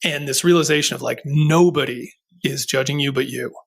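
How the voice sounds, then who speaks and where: Gravelly middle-aged man telling a story. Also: mid-range voice, fairly quick. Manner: earnest, rambling with restarts and filler. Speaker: podcast host. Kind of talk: conversational interview storytelling.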